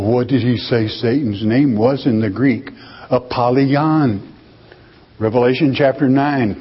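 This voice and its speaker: Brief: husky male Bible teacher, emphatic, dull lo-fi sound with long hall reverb. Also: medium pitch. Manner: emphatic, rhetorical questions answered himself.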